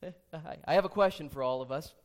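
A man with a somewhat high voice preaches to his congregation. He is earnest and keeps circling back to the same questions, restarting his phrases as he pushes his point home. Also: fast. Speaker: pastor. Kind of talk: sermon. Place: church sanctuary.

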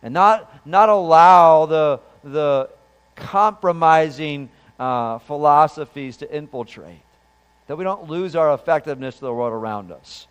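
A man preaching in a church with a fairly high, smooth and resonant voice. He keeps it conversational, putting questions to the congregation. His voice carries a long hall reverb from the sanctuary. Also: a little slow, highs cut off. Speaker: pastor. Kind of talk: sermon.

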